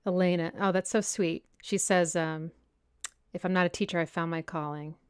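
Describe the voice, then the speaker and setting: Young woman, livestream host, chatty and smooth, close dry mic. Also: on the low side, steady tone, moderate pace, no room sound. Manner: chatty, reads out viewer comments and answers them. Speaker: music analysis channel host. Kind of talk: casual livestream Q&A chat. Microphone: personal desk mic.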